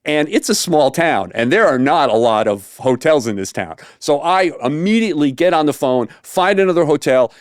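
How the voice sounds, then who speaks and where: A man, a saxophone tutor, casually telling a story in an animated way with many fillers, acting out the quotes. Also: fairly high pitch, normal speed, few pauses, no echo, studio quality.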